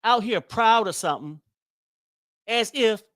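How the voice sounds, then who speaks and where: Exasperated guy ranting, cussing, kinda high voice, dry close mic. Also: lively intonation, unhurried, fairly bright tone, no echo. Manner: exasperated, blunt, swears freely. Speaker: political commentary host. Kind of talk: casual political commentary.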